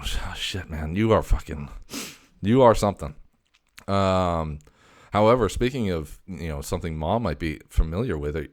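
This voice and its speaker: A man's voice: low voice, smooth. A man hosting a comedic casual chat, stammering, cursing and sounding exasperated. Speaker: video host.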